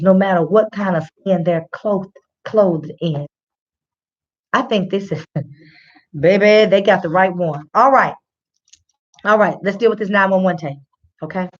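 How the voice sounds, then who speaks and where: A woman giving casual legal commentary, lively and folksy, talking straight to her viewers. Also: mid-range voice. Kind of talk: casual commentary to an online audience. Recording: dull lo-fi sound.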